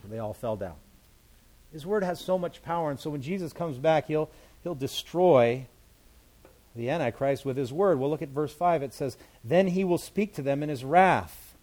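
A man's voice: a little high, expressive, moderate pace, a little mellow. A man giving a sermon, walking through scripture verse by verse in a conversational, plain-spoken way with playful asides. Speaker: pastor.

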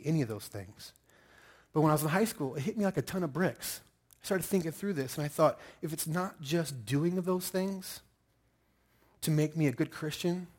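A middle-aged man preaching a sermon, telling stories with lively bursts of loud emphasis. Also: on the high side, breathy edge. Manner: animated storytelling with sudden loud outbursts. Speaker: pastor.

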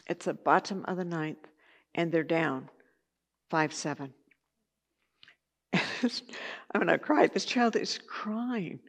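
A woman's voice: lowish voice, takes it slowly, pauses often. A woman teaching a Bible study lesson in a conversational way, with chatty asides and filler words.

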